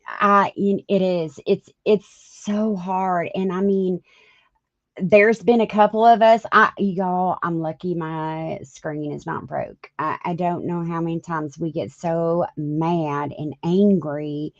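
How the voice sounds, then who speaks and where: A woman's voice: lowish voice, fairly even intonation, takes it slowly, lo-fi sound. A woman hosting a live stream, chatting casually with viewers, hesitant with many ums and restarts. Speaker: livestream host.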